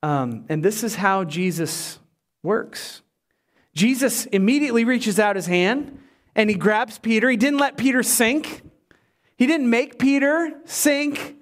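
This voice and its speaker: A man preaching a sermon as pastor, animated and voicing the people in the story as he goes. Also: very high voice, measured pace. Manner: animated preaching, voices Bible characters.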